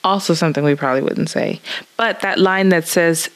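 A woman co-hosting a casual podcast, chatty and animated, laughing often between remarks. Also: sits low, normal speed, smooth. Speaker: podcast co-host. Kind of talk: casual chat.

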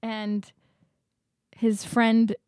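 A woman's voice: fairly high pitch, completely flat delivery, drawn-out words, mellow, clear, resonant tone, dry recording, studio quality. A woman co-hosting a podcast, chatting casually with crude, giggly humor. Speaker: podcast co-host. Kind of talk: casual chat.

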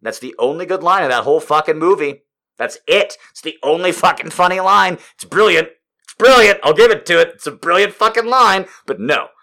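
This thirty-something comedian talks briskly in a fairly high voice with lively intonation. His casual monologue is full of swearing and lurches from loud outbursts to muttered asides.

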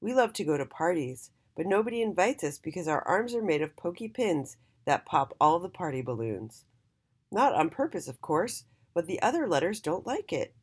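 A woman's voice: lowish voice, big pitch swings, moderate pace, a little mellow, slightly rough. A woman voicing the P twins, a pair of sweet, lonely talking letters in a children's storybook. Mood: sad. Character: sad lonely twin letters, sweet and eager.

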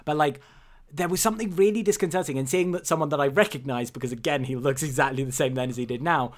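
A man's voice: on the high side, quick pace. Hesitant man chatting about a film. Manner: hesitant, full of ums and uhs. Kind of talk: casual film discussion.

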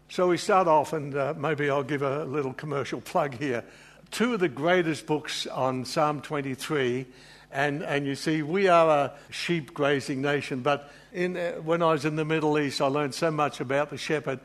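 Male preacher, sermon, slightly high voice, emotional and chatty, fillers and asides. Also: normal speed. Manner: emotional, informal, self-deprecating with frequent fillers.

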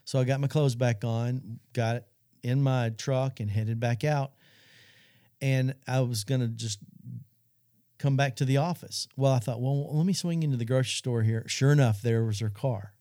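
A man's voice: mid-range voice, normal speed, mellow, dry recording, clean studio sound. A middle-aged man telling an earnest personal testimony on a Christian talk show, speaking straight to the audience. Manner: earnest storytelling, addresses audience.

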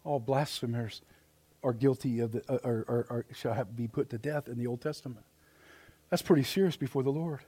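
A middle-aged man preaching a sermon in a church, folksy and plain-spoken, swinging from loud emphatic lines to hushed quiet asides. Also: medium pitch, fairly quick, slightly rough. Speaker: pastor. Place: church sanctuary.

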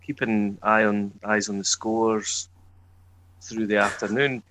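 A man's voice: on the low side, fairly even intonation, slow pace, a bit bright, poor audio. A man with a Scottish accent co-hosting a podcast, telling a rambling story with hesitant fillers. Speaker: podcast co-host. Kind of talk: casual podcast chat.

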